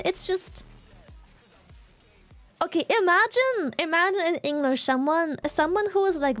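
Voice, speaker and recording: A woman from Germany with a German accent, her first language German, chatting casually and giggling as a streamer reacting to videos. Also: sits high.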